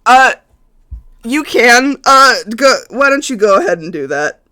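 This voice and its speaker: A woman's voice: fairly high pitch, very animated, unhurried, sharp tone. A woman narrating as game master for a tabletop game with friends, laughing often as she tells the story. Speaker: dungeon master.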